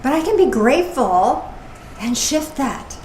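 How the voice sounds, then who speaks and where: A woman minister giving a casual, playful sermon with animated asides. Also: sits high, unhurried. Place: church service. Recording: echoey room with faint noise.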